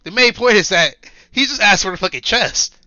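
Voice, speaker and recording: High, bright-voiced man arguing insistently. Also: lively intonation, fairly quick, no room sound. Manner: insistent, argumentative, laughing. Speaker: player. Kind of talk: casual chat at a game table. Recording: dull, dry lo-fi mic.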